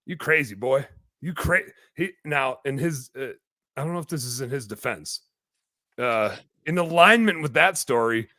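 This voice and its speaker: A young man telling a story on a podcast in a casual, animated way, swearing freely and acting out quotes. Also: medium pitch, no room sound, studio quality. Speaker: podcast guest.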